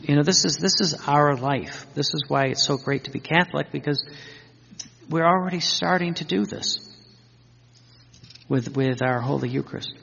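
Gravelly man preaching in a reverberant hall. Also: a little high, moderate pace, pauses often, a bit bright. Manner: earnest, repetitive, with restarts and fervent lists. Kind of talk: sermon. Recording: dull lo-fi sound with long hall reverb.

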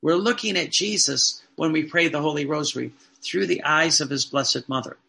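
Priest guy preaching, gravelly and really bright voice, keeps repeating himself. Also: a little high, moderate pace. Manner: earnest, repetitive preaching with rhetorical questions. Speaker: Catholic priest. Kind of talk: sermon.

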